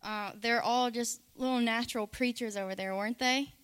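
A woman from giving an earnest church testimony, pausing on fillers and restarting her sentences. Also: a little high, fairly even intonation, fairly bright tone, a little hiss or hum. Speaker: church member sharing a testimony.

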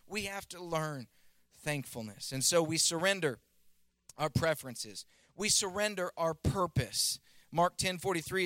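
A man's voice: on the high side, a bit bright, smooth, no room sound, studio quality. A man in his thirties preaching a sermon as pastor, telling personal stories and closing in prayer, with earnest rising emphasis.

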